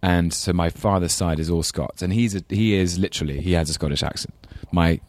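A man with a low voice and an English London accent muses at length, stopping and restarting his sentences. He laughs easily and pokes fun at himself. The sound is dry and close. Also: fairly quick, darkish tone, dry recording. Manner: thoughtful, rambling, self-deprecating, laughs often. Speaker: actor guest. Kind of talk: casual interview chat.

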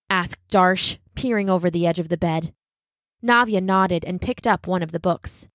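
Animated woman reading a bedtime story. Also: medium pitch, normal speed, dry recording, studio quality. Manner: expressive, animated narration.

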